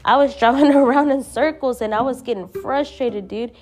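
A woman's voice: high-pitched, moderate pace. A young woman talking casually and candidly about faith and patience, peppering her speech with slang like "dude" and "bruh". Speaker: vlogger sharing faith reflections. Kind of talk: casual spoken reflection.

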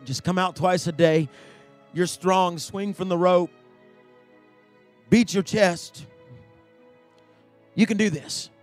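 An eager, persuasive zookeeper pitching a strange job, as a high-voiced male preacher puts him on. He talks fast and coaxing, part of a sermon story, with soft music faint behind. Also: steady tone.

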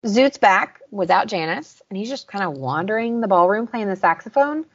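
On a podcast reviewing episodes, this young co-host with a Southern accent chats casually at a moderate pace, her medium-pitched voice full of lively intonation. She retells scenes with quoted lines and plenty of "like," captured in slightly dull lo-fi sound.

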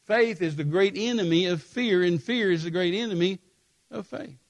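A man preaching a sermon, telling a scripture story with emphatic repetition and animated storytelling. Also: high-pitched, normal speed, gravelly.

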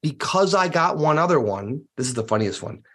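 A man talks through his stories as a podcast guest, lively and animated. He slips into voices to act out conversations, his speech sitting a little higher than most men's. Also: a little fast. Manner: animated, acts out dialogue in voices. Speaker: podcast guest, real estate investor. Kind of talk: casual interview storytelling.

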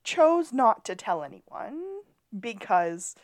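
A woman co-hosting a podcast, recapping a TV episode in playful, animated casual chat. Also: medium pitch, slow pace. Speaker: podcast co-host.

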